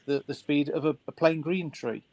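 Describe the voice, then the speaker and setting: A man's voice: fairly high pitch, moderate pace, a little mellow, dry recording, poor audio. A man in a casual chat, explaining his thinking carefully with stammered restarts.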